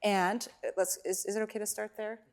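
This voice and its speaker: While a student plays violin, a woman leading a masterclass in a recital hall calls out brief, encouraging cues and keeps repeating her praise. She demonstrates phrasing by humming it. Her mid-range voice runs a little fast with little pitch movement.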